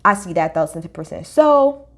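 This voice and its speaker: A woman's voice: on the low side, big pitch swings, normal speed. A woman gives a casual recap of a reality show, speaking straight to her viewers. She is blunt and gossipy, swears freely and packs every line with opinions in easy slang.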